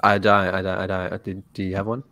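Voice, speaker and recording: A man's voice: deep voice, flat delivery, quick pace, fairly bright tone. A man joining a casual live stream chat, joking in a playful way.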